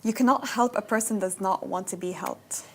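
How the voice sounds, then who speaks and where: A woman's voice: medium pitch, normal speed, slightly rough. A woman host interviewing a guest, listening closely and prompting with short agreements. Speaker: podcast host.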